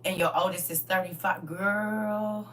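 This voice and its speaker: A woman's voice: medium pitch, steady tone, a little slow, a bit bright, recorded from a distance, a little hiss or hum. A middle-aged woman chatting on her livestream, playful and boisterous, laughing often. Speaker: livestream host. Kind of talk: casual livestream chat. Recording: voice from away from the mic.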